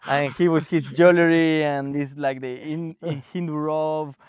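Halting, animated man with a dry sound. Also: a little high, clear, resonant tone, no echo. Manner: animated, halting, frequent restarts and fillers. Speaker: guest sharing a spiritual experience. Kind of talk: casual storytelling conversation. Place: ashram.

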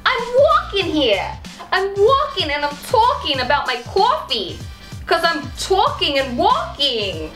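A brash New Jersey tough, played by a woman in a comedy sketch, with a thick, exaggerated New Jersey accent. The voice is pitched high and pushed loud, with words drawn out slowly. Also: wildly swooping pitch, reverberant, soft background music, full character voice. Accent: New Jersey (put-on, exaggerated).

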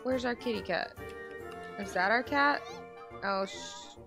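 Speaking slowly in a slightly high voice, a young gaming channel host chats casually through a let's-play, addressing her game characters as she goes. Music plays in the background.

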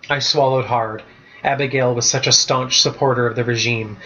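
A man's voice: medium pitch, fairly even intonation, normal speed, bright, forceful tone. Man reading his story aloud, muffled. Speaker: author reading his book. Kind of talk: storybook narration. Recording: muffled lo-fi recording.

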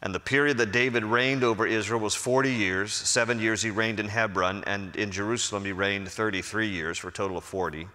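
A man, a pastor, giving a verse-by-verse Bible teaching in a conversational, animated storytelling manner. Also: fairly low pitch, a little fast, few pauses. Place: church sanctuary. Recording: long hall reverb.

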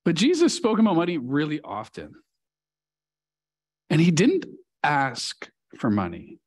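A man's voice: fairly high pitch, huge pitch swings, a little slow. A male pastor preaching a sermon in a church, telling a story earnestly and leaning hard on key words. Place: church sanctuary.

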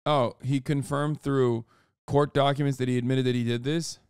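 A man's voice: mid-range voice, flat delivery, normal speed, a little mellow, smooth, dry recording, studio quality. A man streaming, reading a news article aloud and breaking off into profane, incredulous asides. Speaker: streamer and commentator. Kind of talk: casual reaction commentary, reading an article aloud.

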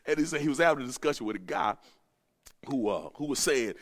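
Animated preaching man, lively voice. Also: a little fast. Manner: animated preaching, voice rising to emphatic peaks and dropping to low asides. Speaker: pastor. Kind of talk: sermon. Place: at home during the pandemic.

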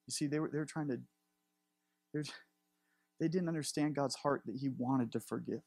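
Male pastor, sermon delivery, earnest, a raspy edge, mid-pitched. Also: fairly quick, darkish tone. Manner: earnest, building emphasis.

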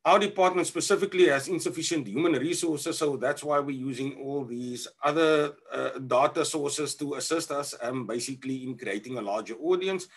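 A man giving an online conference presentation over a video call, talking haltingly with many fillers and restarts, from South Africa. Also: fairly high pitch, breathy edge.

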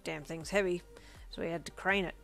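A woman voicing a gruff male delivery man in a fan audio story. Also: on the low side, fairly even intonation, a little fast, a bit bright, soft background music.

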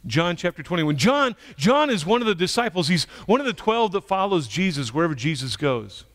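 High-voiced male pastor telling a story. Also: very animated, fairly quick. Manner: storytelling, swinging between hushed and emphatic. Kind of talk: sermon.

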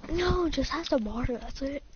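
A woman gamer chatting with teammates during an online shooter match, excitable, complaining and playfully threatening. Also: high-pitched, moderate pace. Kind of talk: casual chat while playing an online shooter. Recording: muffled lo-fi mic with loud clicking noise.

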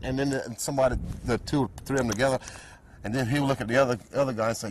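A man's voice: medium pitch, lively intonation, fast, slight background noise. A man with an Outer Banks brogue, telling stories casually in an interview, stumbling and laughing over his words. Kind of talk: casual storytelling.

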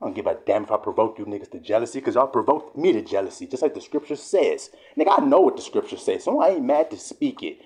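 A man preaching a fiery, profane sermon, swearing often and sometimes shouting. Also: mid-range voice, very animated, quick pace, hardly any pauses.

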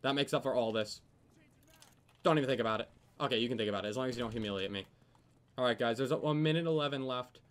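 A young man giving live commentary over a video game, swearing often and yelling when things go wrong. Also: mid-range voice, fast talker. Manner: swears a lot, yells when frustrated. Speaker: gaming commentator.

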